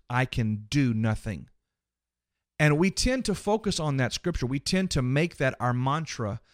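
A podcast host and preacher delivers a motivational sermon, emphatic and speaking directly to listeners, repeating phrases for rhythm. His voice is mid-range, recorded with studio quality and no room sound.

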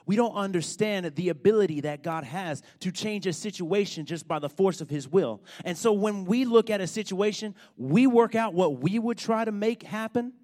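A man preaching a sermon, telling a story with animated, emphatic build-ups. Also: high-pitched, normal speed, few pauses. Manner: animated storytelling, rising to loud emphatic points.

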